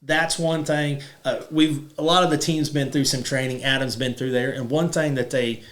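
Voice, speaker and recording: A podcast host in his thirties chats casually, rambling with lots of "like" fillers. His mid-range voice is fairly bright, with fairly even intonation and a moderate pace.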